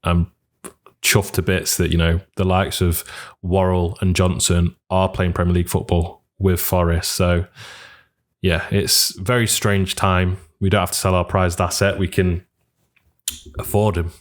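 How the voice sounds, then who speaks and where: A man's voice: deep voice, a little slow. A man co-hosting a casual football podcast, talking as an enthusiastic fan. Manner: relaxed, enthusiastic fan talk with fillers. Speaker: podcast co-host.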